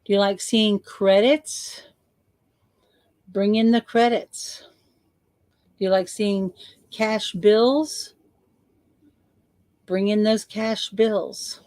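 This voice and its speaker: A woman coach leading a guided visualization, slow and playful, repeating words for emphasis. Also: mid-range voice, fairly even intonation, a little mellow, no room sound.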